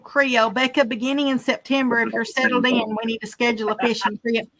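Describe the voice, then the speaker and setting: A woman hosts a fishing livestream, chatting casually and teasing as she reads viewer comments aloud. Her voice is fairly high and a bit bright, with a level tone and a brisk pace.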